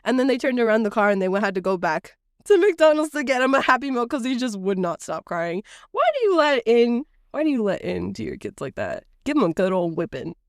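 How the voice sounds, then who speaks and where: A woman co-hosting a podcast and telling a story, her pitch rising and falling all through it. She laughs often and acts out the other people in her story. Her voice is dry and close, with no room sound. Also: very animated, brisk, dry recording. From United States. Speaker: podcast co-host. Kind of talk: casual chat, animated storytelling.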